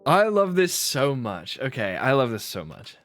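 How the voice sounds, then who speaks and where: Soft music plays in the background as a livestream host chats casually with viewers about accents, laughing at himself along the way. His mid-range voice is a bit bright, swings hugely in pitch, and moves at a slightly slow pace.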